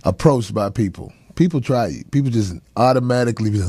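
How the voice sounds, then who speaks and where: A middle-aged comedian hosts his talk show, swapping casual stories full of profanity and frequent laughter, chuckling mid-story and slipping into character voices for the people he quotes. His mid-range voice is fast, darkish and husky, with no room sound.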